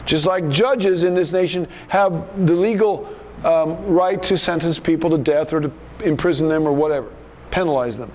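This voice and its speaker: A man's voice: on the high side, moderate pace, a little mellow, a little hiss or hum. A male pastor preaching a sermon in an emphatic, rebuking manner, often repeating himself.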